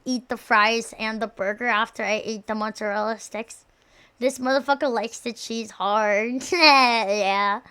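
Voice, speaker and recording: A woman streamer with a high, sharp voice chats loosely with her audience. She rambles and swears a lot, and she jumps between loud outbursts and muttered asides. Her tone stays crisp and clear throughout. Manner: profane, rambling, playfully insulting; excitable, quick shifts between loud outbursts and mumbles. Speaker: live streamer. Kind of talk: casual live-stream chat.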